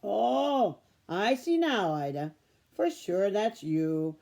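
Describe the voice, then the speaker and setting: A woman voicing a large, loud older farmer with a German accent. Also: mid-range voice, very animated, takes it slowly, creaky, pitched above the performer's own voice, full character voice. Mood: hearty. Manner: loud and hearty.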